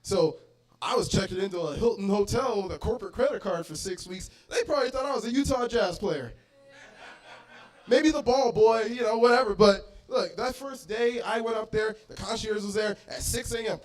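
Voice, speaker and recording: Man, young adult, stand-up comic, high-pitched, animated delivery, bar show. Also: moderate pace. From Arizona. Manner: animated, loud bursts and acted-out voices. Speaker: stand-up comedian. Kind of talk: stand-up comedy set. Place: bar comedy stage.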